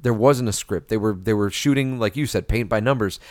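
A man co-hosting a film review podcast, chatting casually and giving measured opinions with hesitant fillers. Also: on the low side, no echo, clean studio sound. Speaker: podcast co-host reviewing films. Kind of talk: casual chat.

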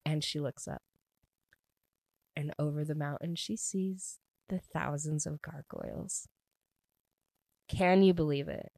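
A young adult woman excitedly recapping a book she loved, talking fast and gushing, with a constant filler "like". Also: deep voice, gravelly, no echo. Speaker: book reviewer.

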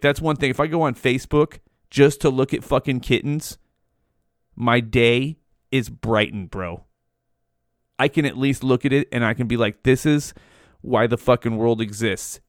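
A man's voice: medium pitch, dry recording, clean studio sound. A young man hosting a podcast, rambling in a casual monologue, swearing often and saying "dude" a lot. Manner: profane, rambling, says "dude" constantly. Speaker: podcast host.

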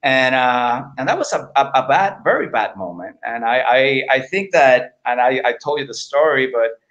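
A middle-aged man talks candidly as an interview guest. His voice sits at an ordinary pitch, and he speaks earnestly, stopping and restarting as he repeats words. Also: animated, normal speed, a bit bright.

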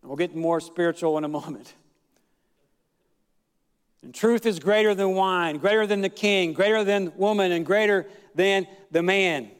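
A male pastor preaching a sermon, telling a story with fillers, drawn-out words and shouted emphasis. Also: high-pitched, smooth, big-room sound.

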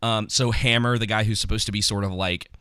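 Male podcast co-host, low-pitched, relaxed rambling chat, lots of fillers. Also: a little fast, smooth, dry recording, clean studio sound. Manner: rambling, many ums and restarts, jokey. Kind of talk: casual chat about movies.

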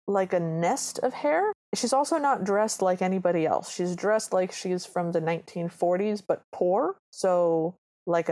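A woman's voice: fairly low pitch, darkish tone. A woman co-hosting a podcast, recapping a movie in casual chat. She sounds sarcastic and exasperated. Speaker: podcast co-host.

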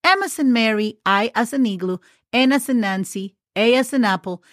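Chatty woman teaching Spanish, fairly high. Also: normal speed, no echo, studio quality. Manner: chatty, spells words letter by letter with friendly asides. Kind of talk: casual podcast language lesson.

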